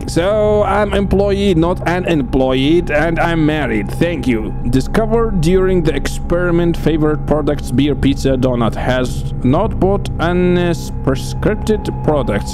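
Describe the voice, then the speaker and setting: A man with a high voice narrates a horror game as he plays, taking his time between lines. His commentary is nervous and jokey, breaking into frantic repeated exclamations. Loud game music plays behind him. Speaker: gaming channel host.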